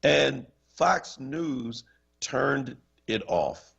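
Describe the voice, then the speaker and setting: A man co-hosting a talk radio show, animated and laughing often as he talks. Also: medium pitch, drawn-out words, creaky, husky. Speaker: radio co-host. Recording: dull lo-fi radio stream.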